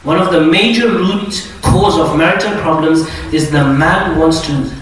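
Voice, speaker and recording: A man giving a lively religious lecture to an audience, often acting out quotes. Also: fairly high pitch, a little slow. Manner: lively, animated explaining with acted-out quotes. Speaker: Islamic lecturer. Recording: very echoey hall, voice from a distance.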